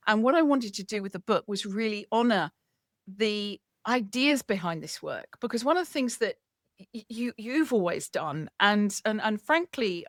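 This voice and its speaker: A woman author being interviewed, talking in a lively, chatty storytelling way. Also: mid-range voice, no room sound, clean studio sound. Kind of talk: casual chat.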